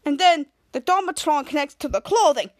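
A woman reading the lines of an eccentric male inventor, explaining in halting stops and starts. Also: high-pitched, lively intonation.

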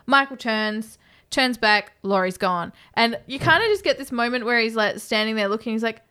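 A woman's voice: a little high, lively intonation, normal speed, sharp tone, smooth. A woman chatting casually as she recaps a horror film, laughing often and swearing freely.

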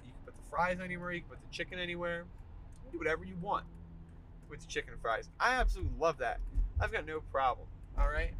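A young man hosting a solo podcast from his car during a commute, ranting in an animated, emphatic way. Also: on the high side, poor audio. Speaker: podcast host. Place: in a car while driving. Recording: faint car noise behind. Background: car road noise.

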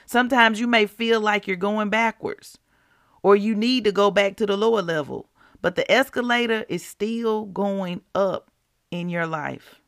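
A woman's voice: medium pitch, measured pace, no echo, clean studio sound. A woman hosting a devotional podcast, chatting casually and asking the listeners rhetorical questions.

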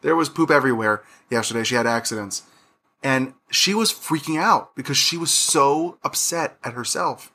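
A man hosting a podcast, telling animated stories about his young daughter and acting out their exchanges. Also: mid-range voice, normal speed. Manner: animated storyteller, acts out his daughter's lines. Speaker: podcast host. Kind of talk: podcast interview.

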